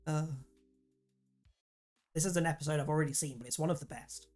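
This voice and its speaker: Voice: mid-range voice, a little fast, a little mellow, soft background music. A streamer reading a dating game aloud and commenting in a casual, sweary, self-deprecating way.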